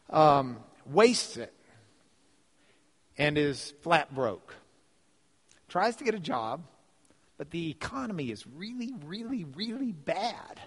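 A male pastor tells a story in a sermon, with lively delivery and phrases repeated for emphasis. His voice sits somewhat high. A long reverb hangs on his words in a large hall.

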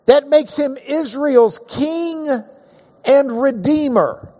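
A high-pitched man teaches a Bible class, unhurried and folksy, drawing out the words that matter. His voice rings through a large hall with a long echo, and the recording sounds muffled and dull. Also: expressive, a little mellow. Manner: folksy and joking, drawn-out emphasis on key words.

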